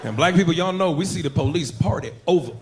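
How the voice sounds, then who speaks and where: An American man telling animated, profane stand-up stories to a live crowd. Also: fairly high pitch, fast talker. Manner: loud, profane, animated storytelling. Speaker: stand-up comedian. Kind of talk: stand-up routine. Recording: live club show with audience noise.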